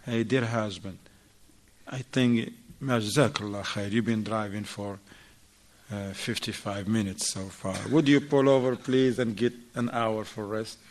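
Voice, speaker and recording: A man voicing a devout wife who earnestly and gently advises her husband. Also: medium pitch, fairly even intonation, unhurried, long pauses, lightly acted. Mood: gentle.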